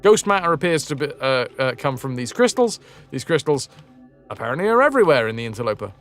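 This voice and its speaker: A young man streaming a game live, chatting excitedly to his viewers with swearing and jokey asides. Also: mid-range voice, fast talker, faint music behind. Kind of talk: live gameplay commentary.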